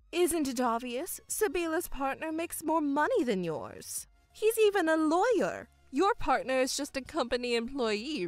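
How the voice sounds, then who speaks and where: A woman's voice: sits high, dry recording. A woman voicing a gloating, spiteful mother. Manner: mocking, condescending, gloating. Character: scheming middle-aged mother, doting, spiteful to elder daughter. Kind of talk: voiced story narration.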